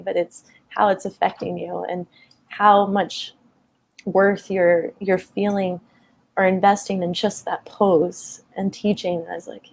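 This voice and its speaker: A woman's voice: medium pitch, fairly even intonation, unhurried, creaky, darkish tone. A woman in her thirties telling a personal story in a conversation, open and emotional, with many fillers. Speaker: guest.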